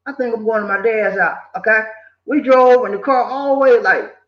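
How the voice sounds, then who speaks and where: Older guy, high pitched, preachy life-advice vlogger, echoey room, muffled lo-fi. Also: normal speed. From southern United States. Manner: preachy, animated, repeats himself, slips in quoted voices. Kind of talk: casual motivational talk. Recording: echoey room, dull lo-fi sound.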